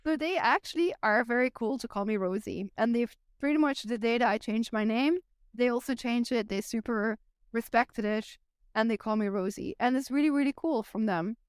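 A woman's voice: fairly high pitch, moderate pace, clear, resonant tone, dry recording, clean studio sound. A Belgian woman, a native Flemish speaker, chatting frankly and casually on a podcast, with a Flemish accent and lots of "like". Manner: chatty, uses "like" a lot, frank. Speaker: guest.

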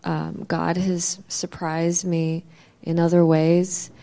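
Slow, hesitant woman with a mellow voice. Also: fairly low pitch, little pitch movement. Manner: hesitant, pauses with ums. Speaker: interviewee. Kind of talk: reflective conversation.

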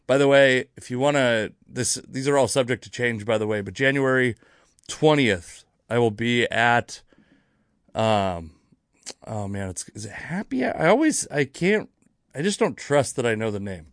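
Man, comedian, podcast host, casual solo chat, rambling, self-correcting, mid pitch, dry recording. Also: lively intonation, moderate pace, no room sound. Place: near Seattle.

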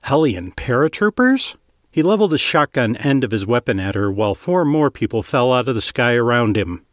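A man reading scripted fiction narration in a steady, even storytelling manner, close to the mic. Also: mid-range voice, brisk, no echo.

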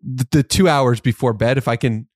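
A man's voice: medium pitch, normal speed, dry recording, clean studio sound. A man hosting a podcast, talking in an easygoing, casual way and laughing often. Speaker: podcast host.

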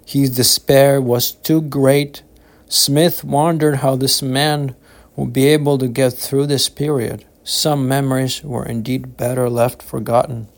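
A man reading his own novel aloud in a slow, measured, solemn audiobook narration. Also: medium pitch, little pitch movement, gravelly.

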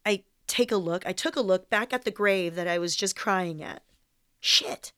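A woman's voice: medium pitch, normal speed, clear, resonant tone, no room sound, studio quality. A young woman reading her personal essay aloud in a candid, wry way, with some swearing.

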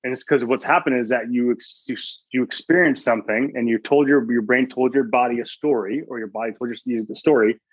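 A man's voice: medium pitch, fairly even intonation, fairly quick, few pauses, slightly rough, no echo, muffled recording. A man speaking as a guest chaplain in a podcast interview, telling stories earnestly, quoting his own thoughts and often restarting his sentences.

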